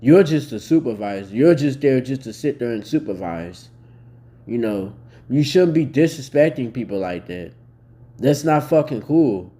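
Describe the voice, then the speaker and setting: A young man talks straight to camera in a casual commentary, blunt and swearing freely as he gets worked up. His voice sits in a middle pitch with a dark, mellow tone. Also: animated, moderate pace. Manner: blunt, heavily profane, worked up. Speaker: vlogger reacting to a news story.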